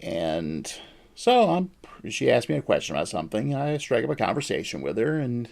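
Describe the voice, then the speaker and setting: A man's voice: mid-range voice, very animated, normal speed, vocal fry, darkish tone. A man hosting a podcast, telling casual anecdotes and acting out the voices of people in them. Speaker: podcast host. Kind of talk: casual storytelling chat.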